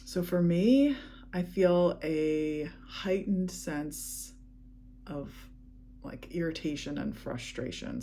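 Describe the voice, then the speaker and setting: A woman leading a guided EFT tapping session, speaking calm, repetitive affirmations. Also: deep voice, slight background noise.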